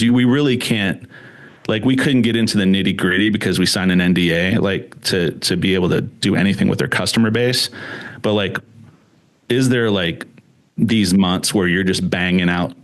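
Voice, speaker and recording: Low-voiced man rambling through a story. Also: normal speed. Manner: rambling storyteller, many fillers and restarts. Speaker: guest, screen print shop owner. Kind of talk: casual podcast interview.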